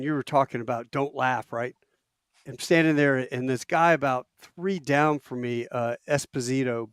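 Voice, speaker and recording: A man's voice: mid-range voice, no room sound, clean studio sound. A man in his late fifties, a podcast host, telling casual stories and laughing often. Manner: animated, laughs often, does loud impressions of drill instructors. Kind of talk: casual storytelling chat.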